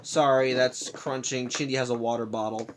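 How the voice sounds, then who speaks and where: A man's voice: mid-range voice, steady tone, moderate pace, noisy background. Male host, casual episode breakdown, rambling and self-correcting, mid-range voice. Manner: rambling, restarts sentences, apologizes for interruptions. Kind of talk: casual spoken analysis of a cartoon episode.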